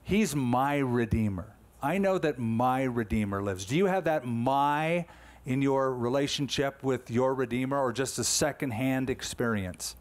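A man's voice: mid-range voice, expressive, a little slow. A man in his sixties, a pastor delivering a conversational, emphatic sermon full of rhetorical questions.

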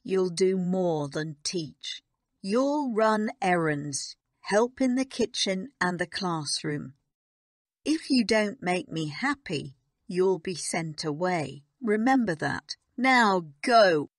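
A woman's voice: fairly low pitch, expressive, takes it slowly, no room sound, clean studio sound. A woman voicing a stern, cold headmistress in an audiobook, speaking in a commanding, scolding tone. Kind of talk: audiobook character reading.

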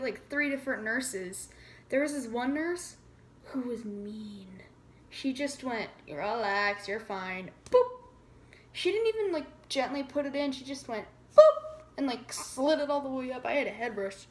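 A teenage girl in high school chatting casually to camera, retelling a story with lots of "like" and acted-out quotes. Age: teens. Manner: chatty, says "like" a lot, dramatic retelling. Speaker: vlogger.

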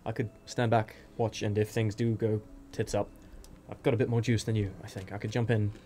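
A man's voice: fairly low pitch, flat delivery, a little fast, mellow, slight background noise. A man running a tabletop game in an easygoing, reassuring way. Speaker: game master.

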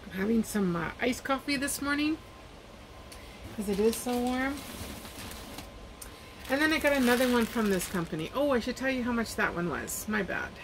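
A woman's voice: a little high, animated, normal speed, pauses often, noisy background. A woman chatting casually at home as she unboxes and reviews craft kits, rambling and trailing off mid-sentence.

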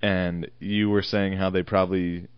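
A man's voice: low-pitched, flat delivery, smooth, no echo. A young man co-hosting a podcast, needling and teasing his co-host in crude casual chat. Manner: needling, teasing, quick to laugh. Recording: dry, dull lo-fi podcast audio.

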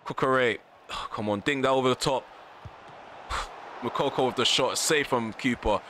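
A man's voice: mid-range voice, moderate pace, pushed and bright, slight background noise. A man commentating live over his football video game, ranting in frustration and repeating himself in slangy phrases. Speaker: gaming YouTuber.

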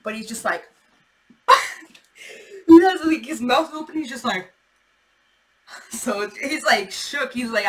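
A woman giving a casual, chatty tarot reading, animated and swearing as she acts out imagined replies. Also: fairly high pitch, slow, pauses often, a little hiss or hum, low-quality recording. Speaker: tarot reader.

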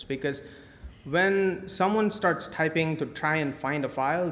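Man doing a live coding talk, joking and lively, in a large reverberant hall. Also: medium pitch. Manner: playful, joking asides. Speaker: conference speaker. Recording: echoey hall, faint noise.

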